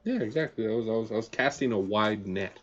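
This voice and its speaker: A man's voice: fairly low pitch, animated, quick pace. A man co-hosting a podcast in casual chat, joking and swearing loosely. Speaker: podcast co-host. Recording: slightly dull lo-fi audio.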